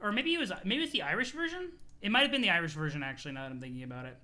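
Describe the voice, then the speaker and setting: Animated, bright-voiced streamer. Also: medium pitch, very fast. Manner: animated, chatty, swears casually; thanks chat followers, talks to viewers. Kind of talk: casual live-stream chat while reading a webcomic aloud.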